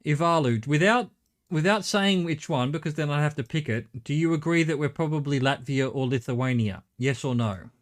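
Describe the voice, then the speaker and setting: A man's voice: fairly high pitch, normal speed. A middle-aged man with an Australian accent giving live game-stream commentary, thinking aloud and chatting casually with his viewers.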